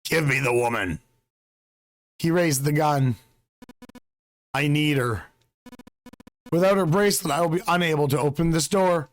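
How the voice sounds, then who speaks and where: A slightly hoarse man voicing a cold, polite, murderous older male villain in a calm, measured way. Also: a little high, natural voice.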